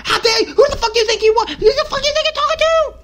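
A man voicing a furious young moviegoer who yells profanities into his phone during a film. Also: very high voice, animated, moderate pace, noisy background, pitched above the performer's own voice. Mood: screaming. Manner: shrieking, profane, indignant.

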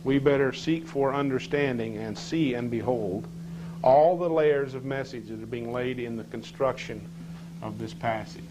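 A man's voice: mid-range voice, moderate pace, background noise. A man teaching a scripture class, questioning his listeners and reading verses aloud with rising emphasis.

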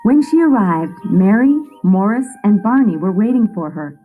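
A woman reads a children's story aloud with a lively, rising and falling voice. Soft music plays faintly behind her. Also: medium pitch, normal speed, phone-quality sound. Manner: expressive storytelling. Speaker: narrator.

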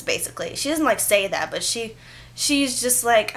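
A young woman with a fairly high voice tells a story straight to camera. She rambles in a loose, chatty way, with filler words everywhere. She perks up with animated energy as the story builds. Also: fairly quick. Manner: chatty, filler-heavy with frequent "like"; animated when retelling. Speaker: vlogger. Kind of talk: casual storytelling vlog.

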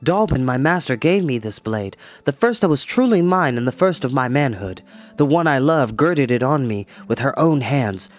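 A man's voice: mid-range voice, lively intonation, moderate pace, natural voice. A man reading aloud, voicing an earnest young male hero who speaks firmly and formally. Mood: resolute. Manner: firm, earnest, formal speech.

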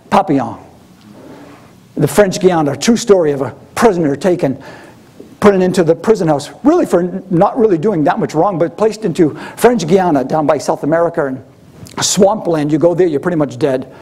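A man's voice: high voice, dark tone, slightly rough. A man preaching a sermon in a conversational way, often acting out the voices he quotes.

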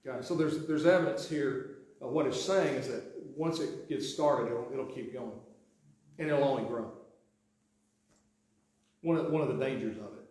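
A man's voice: medium pitch, normal speed, pauses often, darkish tone. A man preaching a sermon as pastor, talking conversationally with many restarts and acting out the quotes he reads. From Sweetwater. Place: church sanctuary. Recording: very echoey sanctuary.

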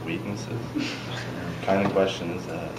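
A bumbling, overconfident teen dad of three, played by a teenage boy, with a low voice. His awkward, hesitant boasting reaches the mic from a distance, through the clatter of a noisy school room. The room echoes around him. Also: flat delivery, measured pace.

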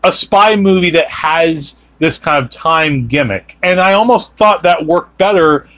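Guy rambling on a podcast, bit higher voice, says like a lot, keeps restarting. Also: lively intonation, a little slow, fairly bright tone. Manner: rambling, lots of fillers like "like" and restarts. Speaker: podcast host. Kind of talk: casual chat.

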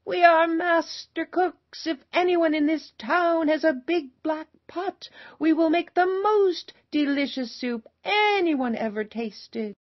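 A woman voicing a cheerful, boastful male traveling cook in an animated storybook, announcing in a showy, sing-song way. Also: medium pitch, unhurried, pitched above the performer's own voice. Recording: slightly dull recording, faint noise.

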